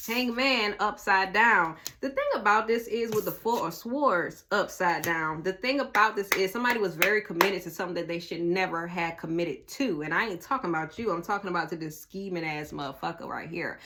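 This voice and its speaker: Woman, young adult, somewhat low voice, tarot reading, animated, blunt, swears, talks to the viewer. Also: brisk, few pauses, a little hiss or hum. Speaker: tarot reader.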